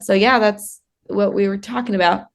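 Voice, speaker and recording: A woman's voice: mid-range voice, steady tone, moderate pace. Chatty woman podcast co-host, storytelling. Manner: storytelling, laughs often. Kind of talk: casual podcast chat.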